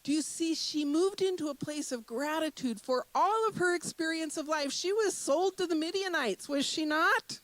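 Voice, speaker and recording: A woman minister giving a sermon, emphatic and repetitive, asking the congregation rhetorical questions and leading a slow breathing meditation. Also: high voice, no room sound, poor audio. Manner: slows into a soft, guided breathing meditation.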